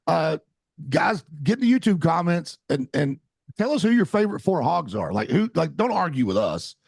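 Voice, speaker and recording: Gravelly guy on a podcast, blunt and teasing, husky, close dry mic. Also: a little high, sing-song, moderate pace, a little mellow, no echo. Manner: blunt, teasing, trails off and restarts. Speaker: podcast co-host. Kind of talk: casual sports chat.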